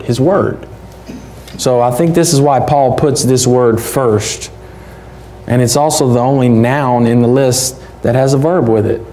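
A man's voice: medium pitch, dark tone, a little hiss or hum. A man, preaching a sermon as a pastor in a conversational, folksy way with rhetorical questions. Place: church.

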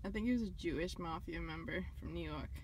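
A woman hosting a casual eating show, chatting about her food with quick giggles and the odd whispered aside. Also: on the low side, slight background noise. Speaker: mukbang host.

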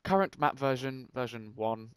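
A man's voice: mid-range voice, expressive, normal speed, smooth, no room sound. A young man co-hosting a Let's Play, reading in-game signs aloud and bantering casually. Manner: joking, reads in-game text aloud. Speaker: gaming co-host.

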